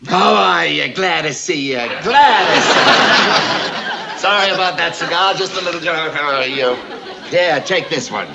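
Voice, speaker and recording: An actor playing a brisk, bald, efficiency-obsessed male bank boss who barks orders and repeats words in rapid triplets, in 1960s sitcom style. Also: a little high, gravelly, a loud crowd, very noisy. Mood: bossy. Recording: dull old TV soundtrack with studio audience laughter.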